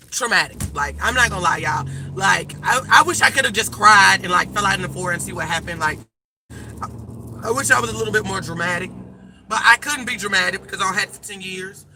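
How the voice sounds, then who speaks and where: A woman's voice: medium pitch, lively intonation, brisk, sharp tone, a little hiss or hum. A woman life coach talking casually and emphatically to her viewers from a car, calling them y'all. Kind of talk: casual direct-to-camera chat.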